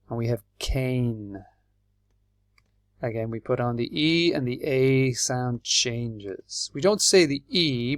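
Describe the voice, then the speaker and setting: A man with an Irish accent teaching English, explaining patiently and clearly and spelling words out letter by letter. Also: medium pitch, no room sound, clean studio sound. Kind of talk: slow, clear classroom explanation.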